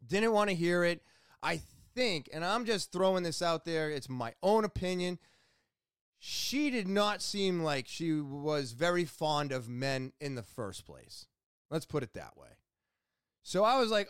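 A man in his forties, a longtime retail worker, casually retelling an exasperating story in an animated way. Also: a little high, a little slow, smooth, no room sound, studio quality.

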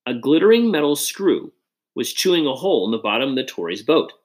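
A man reading a children's adventure story aloud in an expressive, dramatic way. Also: medium pitch, brisk. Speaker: audiobook reader. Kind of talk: storybook narration.

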